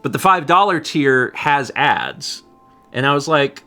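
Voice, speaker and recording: A man co-hosting a live stream, chatting casually, reading chat messages and joking with squeaky put-on voices. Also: expressive, unhurried, bright, forceful tone, faint music behind. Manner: jokey, breaks into high squeaky put-on voices.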